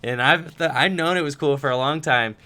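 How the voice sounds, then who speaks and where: With a fairly high, bright voice and a forceful tone, this young man speaks a little fast as he runs a livestream Q&A. He chats along, reading questions from the chat out loud and answering loosely, with plenty of filler words.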